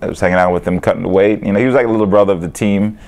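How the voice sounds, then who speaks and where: Very deep-voiced man, relaxed and rambling. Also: racing. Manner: relaxed, rambling, says "man" and "you know" often. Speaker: fighter being interviewed. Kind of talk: casual interview.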